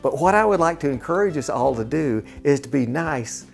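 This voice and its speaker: A man with a gravelly, creaky voice tells a personal story slowly and earnestly. He pauses often and repeats himself as he works toward his point. Faint music plays behind him. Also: fairly high pitch, animated. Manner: slow, deliberate and earnest, with many pauses and repeats. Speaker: storyteller and channel host. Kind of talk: personal story told to camera.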